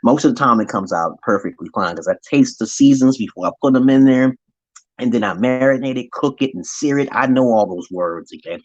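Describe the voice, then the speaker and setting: A man's voice: medium pitch, lively intonation, brisk, dry recording. A man telling a long personal story in a casual, profane monologue, acting out the voices he quotes. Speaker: vlogger. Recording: dry, dull lo-fi sound.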